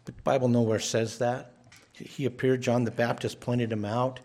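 A man's voice: little pitch movement, normal speed, darkish tone. Male pastor, mid-range voice, earnest sermon delivery with repeats and emphatic rises. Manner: earnest, repeats words when restarting, rises in pitch for emphasis. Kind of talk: expository sermon.

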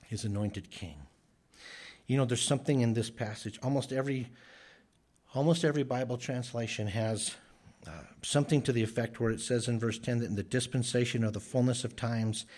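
A man's voice: medium pitch, moderate pace, a little mellow. A man preaching a sermon in an earnest, emphatic way, often repeating phrases for stress. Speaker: pastor.

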